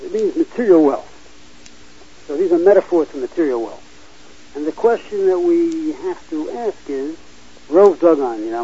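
A man gives a scripture lesson in a mellow, slightly husky voice, pitched a little above most men. He stops and restarts often, filling the gaps with "uh" and "um". The recording is dull and lo-fi. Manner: halting, many fillers and restarts; reads verses aloud and explains them. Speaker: Torah teacher. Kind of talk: Bible class lecture.

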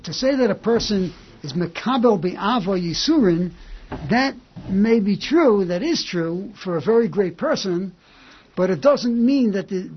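Gravelly man teaching a halting Torah class. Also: high-pitched, a little hiss or hum. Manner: halting and repetitive, restarting phrases. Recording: dull lo-fi recording.

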